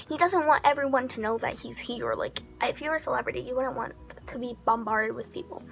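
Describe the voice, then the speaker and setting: A woman vlogger telling a casual, excitable story, full of "like" fillers and slipping into whispers for asides. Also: high voice, a little fast, vocal fry, faint music behind. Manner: chatty, heavy use of 'like' fillers.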